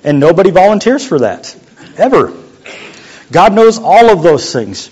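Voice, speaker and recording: A young adult man preaching a sermon as a youth pastor, in a conversational, joking way that sometimes drops to a quiet voice. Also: high-pitched, sing-song, unhurried, husky. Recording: muffled lo-fi sound.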